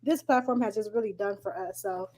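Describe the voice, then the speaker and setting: A woman on an online call giving an excited, chatty sales pitch, full of fillers. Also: a little fast. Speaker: presenter on a business call.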